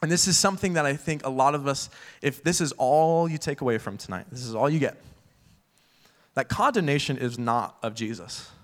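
A man's voice: medium pitch, a little fast. A young man preaching a casual sermon full of fillers, acting out little quoted voices as he talks.

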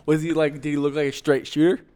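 A man's voice: on the high side, little pitch movement, fast talker, darkish tone, a little hiss or hum. A man co-hosting a podcast, telling a story in casual chat and acting out the quotes, with many restarts. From San Francisco area. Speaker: podcast co-host.

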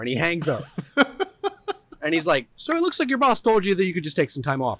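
A man spins a story for his podcast co-host, voicing each person in it and breaking into laughter again and again. His pitch leaps all over the place, pitched a little above most men. The sound is dry and close. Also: a little fast, long pauses, no room sound. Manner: animated storyteller acting out quoted people, laughing often. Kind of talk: casual storytelling chat.

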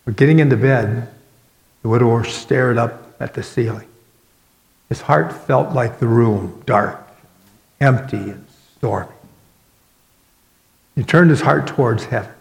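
A pastor delivers his sermon in an earnest voice of middling pitch, leaning on dramatic pauses. The sound rings around a large room, with a long reverb tail behind every phrase. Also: creaky. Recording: echoey hall with long reverb.

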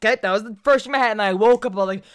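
A man's voice: sits high, racing, clean tone. Young guy on a podcast, swears a lot, rambles, voice shoots up when he gets worked up. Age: young adult. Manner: profane, rambling storyteller, voice jumps up when excited. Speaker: podcast co-host. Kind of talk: casual chat.

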